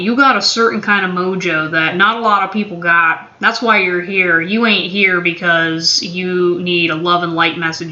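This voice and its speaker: A woman's voice: lowish voice, sharp tone. A woman giving a casual tarot reading to camera, blunt and swearing freely, with a playful drawl. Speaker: tarot reader. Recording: dull, echoey room recording.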